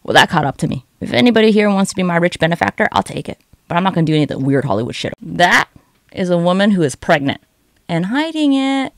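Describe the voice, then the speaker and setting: A woman's voice: lowish voice, racing, vocal fry, no room sound. A young woman giving sarcastic, profane, rambling comedic commentary over online videos.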